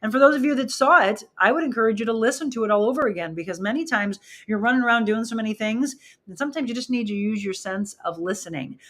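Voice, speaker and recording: A woman's voice: fairly high pitch, fast talker, hardly any pauses, a bit bright. A woman hosting a live talk show, chatting with viewers and reading their comments aloud, in front of flowers. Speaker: host. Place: studio with flowers behind her.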